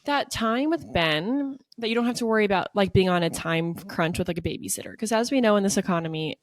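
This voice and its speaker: Woman, young adult, podcast co-host, encouraging casual chat, mid pitch, dry recording. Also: fast, no echo.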